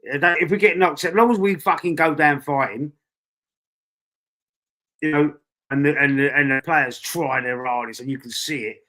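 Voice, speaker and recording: Cockney bloke hosting a fan stream, blunt, swears a lot, keeps repeating himself. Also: male voice, on the high side, moderate pace, long pauses, pushed and bright. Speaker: football fan channel host. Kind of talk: casual live-stream chat.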